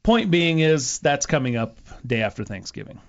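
A man co-hosting a golf radio show talks in a loose, joking way and often rambles off mid-sentence. His voice sits at an ordinary middle pitch. The broadcast sound is dull and lo-fi. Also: big pitch swings, moderate pace. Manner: joking, rambling, self-interrupting. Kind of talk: casual sports radio chat.

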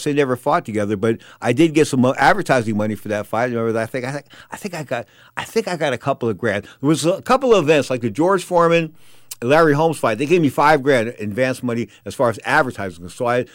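A middle-aged man telling a story on his show, excitable, stammering and repeating words, swinging from loud to quiet. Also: medium pitch, dry recording, studio quality. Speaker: radio host telling stories. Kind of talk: casual storytelling.

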